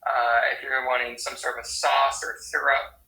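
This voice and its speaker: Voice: medium pitch, level tone, moderate pace, creaky, sharp tone, echoey room, rough recording. An interpreter voicing a sign language teacher's lesson, explaining step by step and often checking in with "right?". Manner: explanatory, frequent tag questions.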